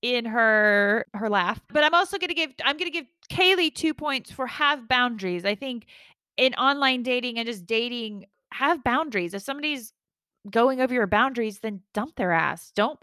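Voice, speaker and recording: Upbeat lady hosting a chatty podcast, high bright voice, swings around a lot. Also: expressive, moderate pace, dry recording. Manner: laughs often, upbeat, scoring and wrapping up. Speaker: podcast host. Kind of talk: casual chat.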